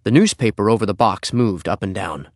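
A man reading a children's storybook aloud as narrator, in an expressive, animated way. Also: lowish voice, brisk, dry recording, clean studio sound.

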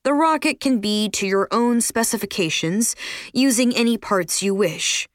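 A woman's voice: mid-range voice, normal speed, no room sound. Woman narrating a story, dry close sound. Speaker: audiobook narrator. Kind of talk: scripted narration.

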